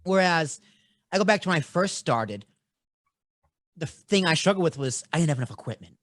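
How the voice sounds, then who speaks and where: Hosting a podcast interview, this Boston-born man in his thirties comes across as brash, blunt and casual, with a Boston accent. His fairly bright, somewhat high voice is expressive and moderately paced, captured dry and clean on a studio microphone.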